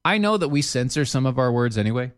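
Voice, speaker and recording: An animated man co-hosting a relaxed talk show. His voice sits at a middle pitch and jumps up high when he wants to stress a point. The tone is jokey and conversational. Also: fast talker, clear, resonant tone. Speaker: podcast co-host. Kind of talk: casual chat.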